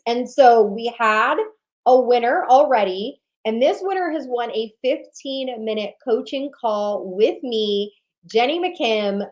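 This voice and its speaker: A woman hosting an online sales summit livestream, giving an emphatic motivational talk that repeats lines for emphasis and swings between loud punches and low, intimate drops. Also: expressive, slow, poor audio. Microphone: livestream webcam mic.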